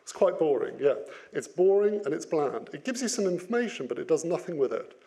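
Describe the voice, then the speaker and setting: A man giving an interactive business talk, lively and playful, putting questions to his audience. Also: fairly high pitch, a little fast. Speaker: business speaker.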